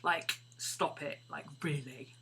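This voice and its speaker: A woman voicing a sassy young female dog with a drawling, exasperated Valley Girl accent, over a steady background hum. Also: sits low, takes it slowly, vocal fry, slightly rough, voice pushed down, exaggerated voice.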